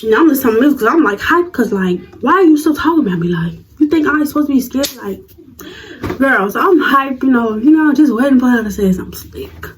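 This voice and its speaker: A young woman of nineteen recounts a story for her vlog, her voice sitting high and bright. She talks in a slangy, lively storytelling way, with faint clicks in the background. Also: fairly quick, slight background noise, poor audio. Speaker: vlogger.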